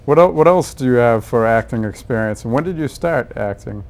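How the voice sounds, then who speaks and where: A man hosting a talk show, asking short prompting questions and answering with quick backchannels in a casual interview. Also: medium pitch, animated.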